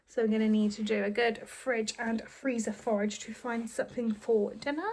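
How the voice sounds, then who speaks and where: A woman's voice: a little high, moderate pace. A woman, a homemaker and mother, chatting casually at home in a vlog, tired and rambling with plenty of ums.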